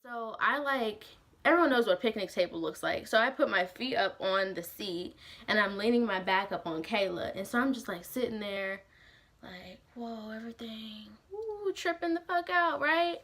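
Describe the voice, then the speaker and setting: A woman's voice: medium pitch, normal speed. A young woman vlogger telling a story in casual, slangy, profane talk, with lots of "like". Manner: animated, slangy and profane, heavy use of "like".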